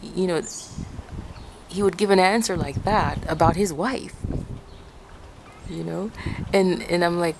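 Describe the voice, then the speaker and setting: Chatty woman with a lowish voice. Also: unhurried, gravelly, long pauses, noisy background. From Ecuador. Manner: chatty, rambling, self-correcting. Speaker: vlogger. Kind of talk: casual storytelling.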